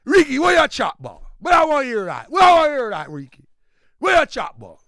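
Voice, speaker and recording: A man's voice: extremely high pitch, wildly swooping pitch, fairly quick, sharp tone, no echo, studio quality, pitched above the performer's own voice, full character voice. A man voicing a mocking, teasing character in a put-on Jamaican accent.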